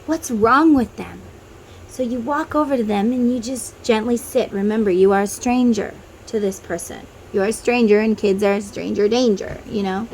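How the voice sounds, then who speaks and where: A woman's voice: a little high, normal speed, darkish tone, a little hiss or hum, rough recording. A woman who reads tarot, talking casually to viewers and guiding them through an inner-child meditation, with chatty tangents. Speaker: tarot reader.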